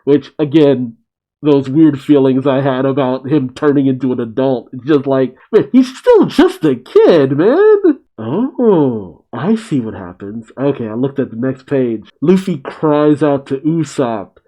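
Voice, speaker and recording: A man's voice: medium pitch, normal speed, dark tone, poor audio. A man casually reading a manga chapter aloud and reacting, chuckling as he goes. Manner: casual, chuckling, narrates character actions.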